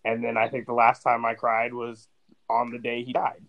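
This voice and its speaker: A man's voice: medium pitch, completely flat delivery, moderate pace, gravelly, highs cut off. A man in his thirties talking casually on a podcast, telling a personal story in a rambling way with lots of "like". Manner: rambling storytelling, heavy use of "like". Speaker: podcast co-host.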